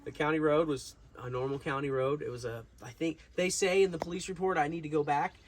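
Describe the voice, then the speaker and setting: A man's voice: fairly high pitch, fairly even intonation, brisk, a little hiss or hum. A young man telling a long story to his viewers in a casual, rambling way, full of fillers and restarts. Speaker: vlogger.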